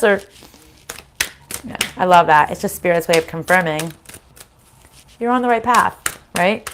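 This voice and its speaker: A woman talks viewers through a spiritual card reading in a relaxed, chatty way. She sounds reassuring and keeps checking in with little "right?" and "okay?" questions as she goes. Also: medium pitch, normal speed, pauses often.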